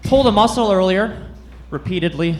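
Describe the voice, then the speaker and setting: A man's voice: sits high, expressive, a little fast. A man doing a stand-up set on a comedy club stage, awkward and self-deprecating, stumbling over his lines on purpose. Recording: live club with loud audience noise.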